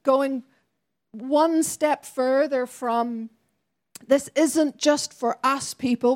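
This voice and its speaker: A woman's voice: high voice, darkish tone. A woman preacher delivering a sermon in an earnest, conversational way with laughing asides.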